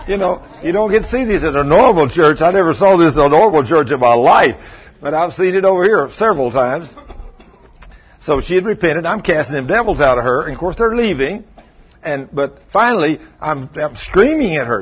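A middle-aged pastor tells a story from the pulpit, acting out the scene with bursts of shouted commands. His voice sits fairly high and sounds husky. The recording is dull and lo-fi. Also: lively intonation, moderate pace. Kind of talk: sermon storytelling.

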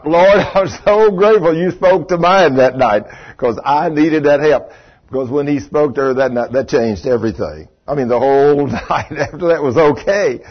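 An older pastor with a drawl tells a folksy story, pitched a little high with a husky edge to the voice. He chuckles between lines and speaks straight to his congregation. The recording sounds dull and muffled. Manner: folksy, chatty, chuckles often, talks to the congregation. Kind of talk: storytelling sermon.

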